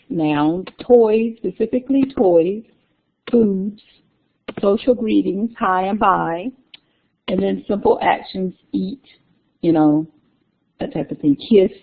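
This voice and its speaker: A woman lectures a classroom at an unhurried pace, going over key terms more than once and tossing in chatty asides to her students. Her voice has a gravelly edge. It comes through a thin, tinny recording. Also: mid-range voice. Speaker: university lecturer.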